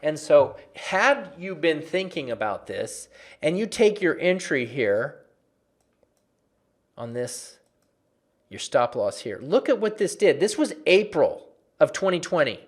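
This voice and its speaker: A man walking viewers through trading charts in a lively, conversational lesson, often repeating phrases for emphasis. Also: fairly high pitch, slow pace. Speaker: trading educator.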